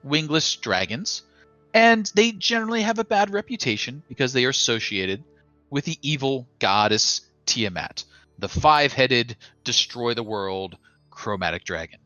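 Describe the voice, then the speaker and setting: A man's voice: medium pitch, animated, moderate pace, sharp tone, no room sound, lo-fi sound, faint music behind. Man narrating as game master. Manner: lore explanation. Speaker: dungeon master.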